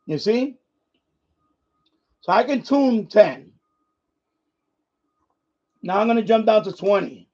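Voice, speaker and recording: Slowly, with long pauses, a ham radio livestream host talks in a high, dark-toned voice with lively intonation. He handles his equipment during a casual demo, rambling and restarting his sentences. The recording is dull and lo-fi.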